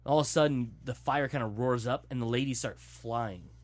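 A man in casual chat, retelling a story in an animated, profane way. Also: mid-range voice, moderate pace.

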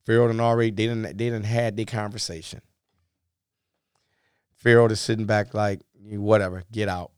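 A man's voice: on the low side, normal speed, long pauses, clean tone, dry recording, clean studio sound. A man preaching a sermon in a folksy style, acting out the biblical figures as he explains the scripture. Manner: animated, folksy, acts out biblical dialogue.

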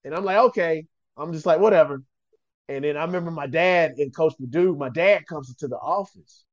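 Storytelling ex-QB, fairly high voice, muffled dry recording. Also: male voice, quick pace, no echo. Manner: animated, acts out voices in his story. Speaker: former quarterback. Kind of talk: storytelling interview.

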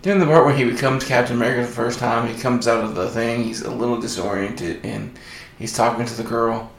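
A man's voice: medium pitch, fairly even intonation, a little fast, vocal fry, echoey room, slight background noise. A man co-hosting a podcast in casual chat, retelling movie plots with joking asides. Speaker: podcast co-host.

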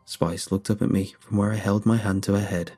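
A man reading a first-person horror story aloud in a steady, measured way. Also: fairly low pitch, soft background music. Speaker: narrator. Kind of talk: scripted horror story narration.

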